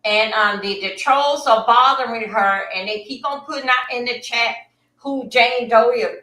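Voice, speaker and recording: A woman hosting a casual livestream from her computer, chatting and rambling straight to her viewers. Her voice is bright and a touch high. She sounds like she is in an echoey room. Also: a little slow. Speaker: livestream host. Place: at home at a computer.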